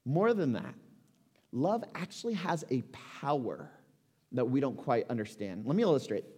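A man's voice: mid-range voice, very animated, normal speed, a little mellow, breathy edge. A man in his forties preaching a sermon, conversational and emphatic, asking rhetorical questions. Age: 40s. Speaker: pastor. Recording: long reverb of a large hall.

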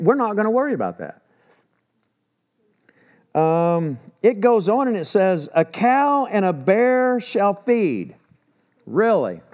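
A middle-aged man preaching with a slightly raised pitch. He has a folksy, storytelling way of delivering his sermon and often turns to the congregation with rhetorical questions. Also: a little mellow. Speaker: pastor.

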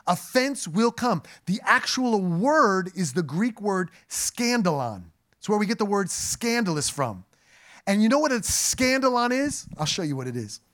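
A man preaching a sermon to a congregation, animated and joking as he speaks to them directly. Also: high-pitched, measured pace. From New Jersey. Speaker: pastor. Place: church sanctuary.

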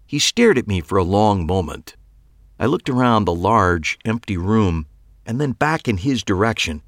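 Deep-voiced man narrating a story slowly. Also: sing-song, fairly bright tone, dry recording, clean studio sound. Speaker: audiobook narrator. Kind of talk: first-person story narration.

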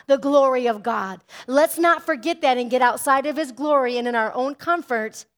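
High-voiced woman pastor preaching. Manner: exhorting, call-and-response "Amen?" asides; acts out congregation voices in quoted asides. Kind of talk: sermon.

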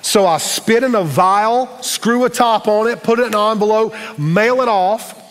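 High-voiced preacher telling stories. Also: male voice, moderate pace, fairly bright tone, in a large hall, a little hiss or hum. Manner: storytelling, conversational, humorous asides. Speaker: pastor. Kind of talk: sermon.

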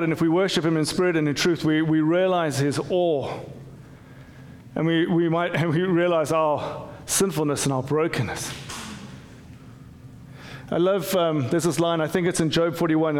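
A man's voice: fairly high pitch, fairly even intonation, moderate pace, in a large hall. A man preaching a conversational sermon as pastor, with frequent restarts and repeated words. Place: church.

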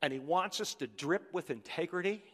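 A male pastor with a fairly high, somewhat bright and slightly rough voice preaches a sermon at a moderate pace. His delivery is emphatic, and he often repeats words to drive his points home. A large hall gives the recording a long reverb.

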